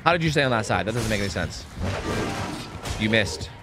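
A man's voice: fairly low pitch, rapid-fire, over music. A man streaming a game, chatting casually, joking and swearing a lot as he plays. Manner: excitable, swears a lot, jokey. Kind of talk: casual gameplay commentary.

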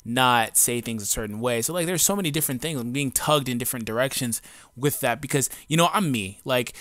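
A grown man who makes gaming videos on YouTube goes off in a casual, unscripted rant to camera. His medium-pitched, slightly bright voice moves a little fast, captured dry on a home recording mic. Blunt and defiant, he rambles with slang, swearing, and many fillers.

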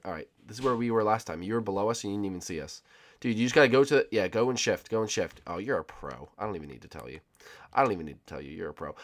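A man giving casual, jokey gameplay commentary as a video host, often bursting into loud excited cries. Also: low-pitched, rapid-fire. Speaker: gaming YouTuber.

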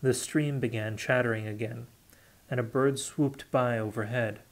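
A man reading a fantasy novel aloud unrehearsed, steady with occasional self-corrections. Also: medium pitch, moderate pace. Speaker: audiobook reader. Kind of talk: unrehearsed audiobook narration.

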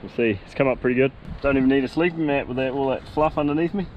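A man with a New Zealand accent narrates his wilderness hunt to the camera, relaxed and chatty, with slang and asides to his dog. He is outdoors on a camera mic, the sound slightly dull with a faint hiss behind. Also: medium pitch, quick pace. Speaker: hunting vlogger.

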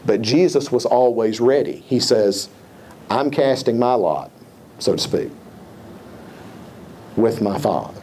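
A man's voice: medium pitch, lively intonation, takes it slowly, pauses often, darkish tone, a little hiss or hum. A male pastor preaching a sermon, emphatic, repeating key phrases and quoting scripture.

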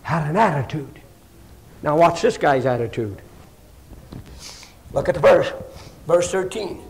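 A man with a high voice preaching a fiery sermon. He speaks emphatically and quotes old-fashioned scripture, pressing each point on his listeners. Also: animated, a little slow, gravelly, darkish tone, low-quality recording.

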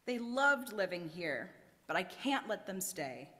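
A woman's voice: medium pitch, big pitch swings, a little slow, pushed and bright, long reverb tail. A woman voicing a small, grumpy male forest creature who scolds indignantly in a raised voice, read aloud from a storybook. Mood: scolding.

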